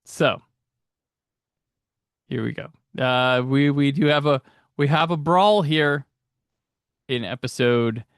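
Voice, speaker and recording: A man's voice: mid-range voice, fairly bright tone, no echo, clean studio sound. A man hosting a casual commentary podcast, chatty and laughing often, restarting his sentences. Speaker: podcast host.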